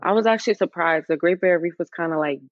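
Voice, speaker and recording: Casual New York woman guest, lowish voice, dry muffled recording. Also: fast, no room sound. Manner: relaxed, peppers speech with "like". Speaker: podcast guest. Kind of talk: casual podcast chat. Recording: dull, dry, muffled sound.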